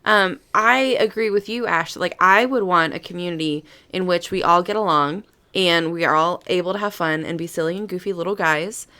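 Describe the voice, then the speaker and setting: A woman's voice: lowish voice, normal speed, few pauses, bright, forceful tone, clean tone. A young woman co-hosting a podcast in casual chat, chatty and thinking aloud with lots of fillers. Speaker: podcast co-host.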